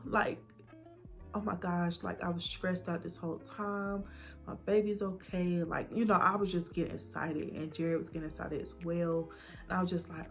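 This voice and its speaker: Brief: young woman vlogger, lowish voice, emotional storytelling, faint music under her. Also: expressive, normal speed, vocal fry, fairly bright tone. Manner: emotional retelling, acting out quoted dialogue, drops to whispers. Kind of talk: personal storytime vlog.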